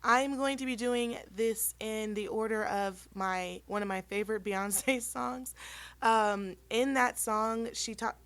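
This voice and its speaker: Woman doing a casual tarot reading, a bit hoarse, rambly, dry close sound. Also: fairly high pitch, slow, a bit bright, no echo. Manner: chatty, rambling, with many ums and self-corrections. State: losing her voice, slightly hoarse. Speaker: tarot reader and channel host.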